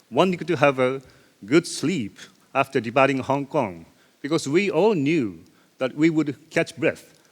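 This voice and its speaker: A man speaks from a stage in a large conference hall, and the long reverb trails after his words. His pitch sits a little high and swings widely as he tells his story. He acts out the action with sound effects and laughs at himself along the way. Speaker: ship captain giving a conference talk.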